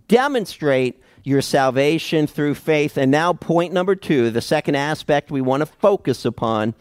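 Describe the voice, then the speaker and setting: A male pastor delivers a sermon in an unhurried, deliberate cadence. His voice sits a little high for a man. The sound is dry and close, and he stresses each key word with measured pauses. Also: expressive, no echo. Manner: slow, emphatic Bible exposition with dramatic pauses.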